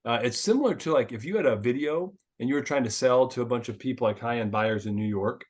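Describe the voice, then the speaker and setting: A man's voice: mid-range voice, fast talker. A man hosting a casual business chat, talking in a chatty way with lots of filler words.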